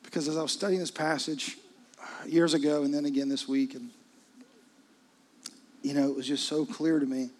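A middle-aged man preaching a sermon in a husky, slightly high voice. He drops to near-hushed asides, then climbs to loud, urgent peaks. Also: flat delivery, moderate pace, long pauses. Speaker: pastor.

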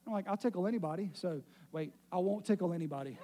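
Brief: middle-aged male pastor, high pitch, mellow tone, storytelling sermon with light humor. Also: quick pace. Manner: storytelling, self-deprecating humor.

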